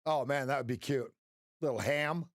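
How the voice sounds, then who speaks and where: Middle-aged man, trading stream host, jokey and chatty with viewers, mid pitch, dry close sound. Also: normal speed, dry recording. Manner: joking, talks straight to chat, folksy pep talk. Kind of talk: casual livestream chat with viewers.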